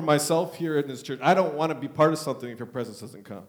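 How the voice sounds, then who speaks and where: A male pastor preaching a charismatic Pentecostal sermon, his voice sitting a little higher than most men's. He is emotional and moves between loud urging and soft, hushed asides. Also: quick pace, hardly any pauses. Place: church.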